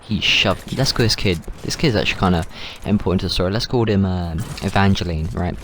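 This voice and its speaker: A man's voice: sits low, a little fast. A man host telling a story in a casual, rambling way while gaming, repeating words and saying dude a lot, on a noisy mic with clicks.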